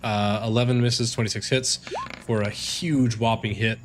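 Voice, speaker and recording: A man's voice: medium pitch, steady tone, moderate pace. A man narrating as game master in a tabletop game, loose and rambling with many fillers.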